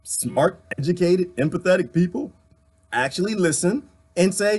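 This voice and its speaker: A man in the middle of an impassioned live-stream rant, preaching straight at his viewers. His voice is a little husky and sits somewhat high for a man. The pitch leaps and dips all the time as he pushes each point. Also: lively intonation, moderate pace. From United States. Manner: fired-up and preachy, addresses viewers directly. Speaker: live-stream host reading viewer comments.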